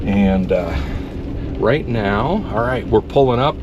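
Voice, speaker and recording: A man's voice: fairly low pitch, expressive, slow, dull audio, noisy background. Chatty man vlogging outdoors. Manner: chatty, talks directly to viewers as folks. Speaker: van camping vlogger. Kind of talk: casual solo vlog narration to camera. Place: outdoors at a riverside campground in the rain.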